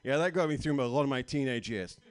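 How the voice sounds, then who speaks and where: A man's voice: mid-range voice, fast. A man from Britain with a British accent, performing a stand-up comedy set in a small bar, dry and self-mocking with stammering restarts.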